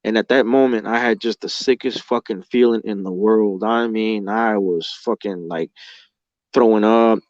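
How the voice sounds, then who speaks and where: A man with a fairly low voice tells his own story in a loose, rambling way, swearing constantly and leaning on "like" as filler. He sounds raw and emotional. The recording is dry and close, with slightly dull, lo-fi audio. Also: steady tone, moderate pace, a little mellow, no room sound. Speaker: guest recounting experiences. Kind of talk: casual spoken storytelling.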